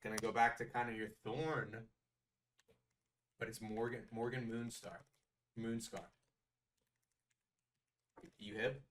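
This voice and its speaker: A young man co-hosting a casual podcast, animated and slangy, repeating himself for emphasis. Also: mid-range voice, slow, long pauses, far from the mic, slight background noise. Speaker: podcast co-host.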